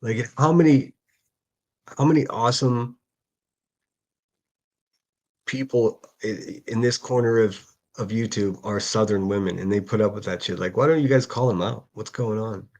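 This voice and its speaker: A man with a slightly low voice talks through clips in a loose, casual way. He is blunt and mocking, and he swears without holding back. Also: moderate pace, long pauses, darkish tone. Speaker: livestream commentator. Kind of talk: casual reaction commentary.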